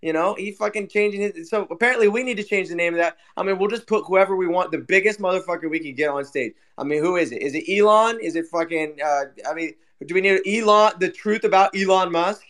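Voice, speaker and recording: A man's voice: sits high, fast talker, few pauses, a bit bright. A man co-hosting a casual online chat, ranting with heavy swearing and repeated fillers. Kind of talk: casual chat on an audio stream.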